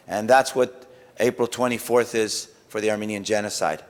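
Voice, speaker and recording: A man on a city council giving a solemn, deliberate speech with many pauses, in a large council chamber. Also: fairly low pitch, fairly even intonation. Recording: long reverb of a council chamber.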